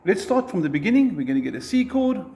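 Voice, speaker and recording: A man's voice: high-pitched, sing-song, fast talker, warm tone. A man teaching a guitar lesson, patiently explaining chords and counting the beats aloud.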